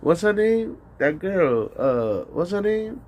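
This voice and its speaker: A man's voice: high voice, very animated, slow pace, darkish tone. A man hosting a call-in livestream, rambling casually with profanity and frequent laughter. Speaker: call-in show host.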